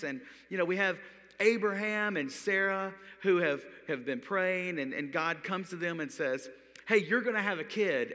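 A man preaching a conversational sermon to a congregation, chatty and animated, acting out quick bits of dialogue as he tells the story. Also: a little high. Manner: chatty, animated, acts out voices. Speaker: pastor. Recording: long hall reverb.

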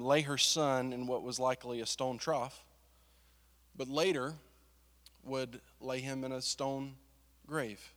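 A man's voice: mid-range voice, fairly bright tone. A young man preaching a sermon as a pastor, conversational and full of rhetorical questions. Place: church hall. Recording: long reverb of a hall.

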